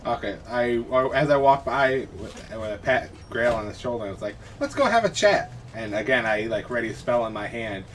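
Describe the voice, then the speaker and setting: A man playing a tabletop game, speaking in a calm, measured, matter-of-fact way. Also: medium pitch, a little hiss or hum. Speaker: player. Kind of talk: casual tabletop role-play. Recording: distant from the mic.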